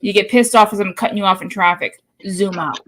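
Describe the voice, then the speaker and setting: Podcast host, woman, faint Boston accent, blunt, swears a lot, lively casual talk. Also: mid-range voice, a little fast, poor audio. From Boston area. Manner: blunt, swears freely, animated. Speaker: podcast host and tarot reader. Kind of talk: casual chat.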